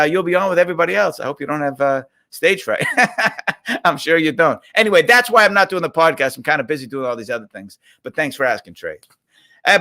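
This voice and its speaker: A man's voice: fairly high pitch, pushed and bright. A middle-aged man from Boston hosting a casual live Q&A stream on a webcam, reading out viewer questions and rambling into stories. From Boston, USA.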